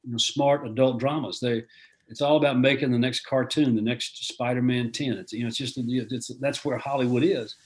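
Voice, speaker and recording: An older man talks as a guest author over a video call. His folksy, rambling speech is full of restarts, and his voice sits in a middle pitch. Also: fairly even intonation, normal speed. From American South.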